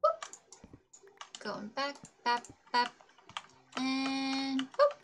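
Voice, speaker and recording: Against a noisy background, a woman streamer speaks very slowly in a high voice whose pitch swoops wildly. She chats casually over her game, bubbly and self-deprecating, with giggly asides and sing-song nonsense humming to herself.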